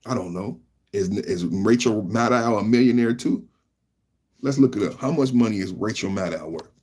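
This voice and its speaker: A man hosting a live reaction podcast, ranting loudly, repeating himself and talking straight to his chat. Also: fairly low pitch, breathy edge. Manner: loud, repetitive, talks straight to chat. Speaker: podcast host.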